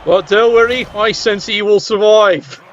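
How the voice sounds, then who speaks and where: High-voiced man commentating a game. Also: fairly even intonation, unhurried, slight background noise. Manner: cheeky, wry asides, swears casually. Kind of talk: playful video game match commentary. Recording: dull lo-fi sound.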